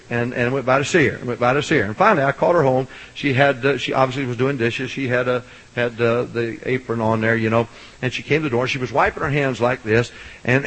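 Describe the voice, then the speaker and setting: A middle-aged man preaching a sermon as a Baptist pastor, swinging from loud hollering to soft storytelling. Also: medium pitch, slightly rough, low-quality recording.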